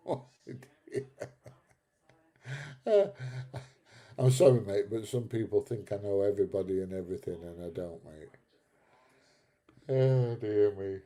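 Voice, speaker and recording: A man's voice: on the low side, measured pace, long pauses, warm tone. A middle-aged British man hosting a live stream, chatting casually through viewer comments, laughing often and calling people mate. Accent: British English.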